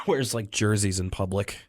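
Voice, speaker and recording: A man's voice: on the low side, a little slow, no room sound. A man in his thirties from Canada co-hosting a podcast, chatting casually with dry, self-mocking humor. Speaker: podcast co-host. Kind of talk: casual chat.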